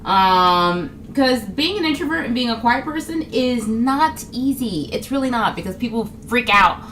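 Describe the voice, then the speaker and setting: A woman's voice: a little high, lively intonation, moderate pace, a bit bright, a little hiss or hum. A young woman from New York, a vlogger, talking to camera in a casual comedic monologue, chatty and often laughing. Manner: chatty, laughs a lot, acts out other people's lines.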